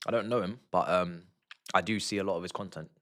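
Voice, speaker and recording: A young man, giving excitable and slangy live commentary as he watches a football match with his stream. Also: low voice, fast. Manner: excitable, slangy, shouting at goals. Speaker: fan streamer.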